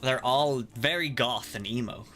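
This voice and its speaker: A man's voice: medium pitch, a little slow, pushed and bright, faint music behind. A man streaming a game playthrough, reading every character's dialogue aloud and joking between lines. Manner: jokey, laughs often, reads every character's lines. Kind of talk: casual playthrough with voiced reading.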